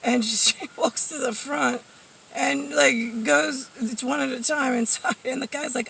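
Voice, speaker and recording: A woman's voice: high voice, steady tone, measured pace, vocal fry, fairly bright tone, breathy edge, distant mic. A woman vlogger rambling through a profane, sardonic monologue full of fillers, heard a little away from the mic. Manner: profane, sardonic ranting with frequent fillers and laughs.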